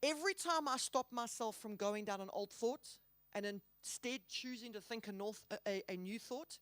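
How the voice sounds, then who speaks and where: A woman speaking at a Christian conference, earnest and emphatic, slowing down on key words with the odd playful aside. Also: fairly high pitch, no room sound. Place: hall.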